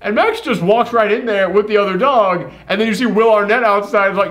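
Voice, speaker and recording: A man hosting a casual movie reaction chat, animated and sarcastic, swearing freely. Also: sits high, fairly quick, few pauses. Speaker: host.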